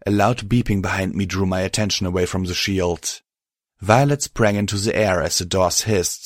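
A man reading a story aloud in steady, even scripted narration. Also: deep voice, no echo, studio quality. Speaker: audiobook narrator.

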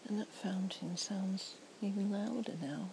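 A woman, slightly tipsy, giving a soft, rambling, whispered night-time ASMR chat outdoors near trees and a fountain on a portable recorder. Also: mid-range voice, fairly even intonation, unhurried, vocal fry, background noise.

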